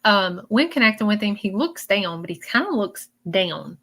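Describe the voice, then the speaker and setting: Woman, live-stream medium, gravelly fry, emotional, repeats herself, says y'all. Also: medium pitch, sing-song, moderate pace, fairly bright tone. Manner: emotional, repeats phrases, addresses viewers as y'all. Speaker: psychic medium.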